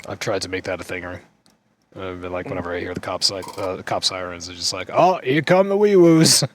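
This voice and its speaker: A man with a lowish voice chats loosely on a gaming podcast. He rambles and jokes, often restarting his sentences. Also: monotone, fast talker, sharp tone, no room sound. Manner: rambling, jokey, with filler restarts. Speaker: podcast co-host. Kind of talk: casual gaming podcast chat.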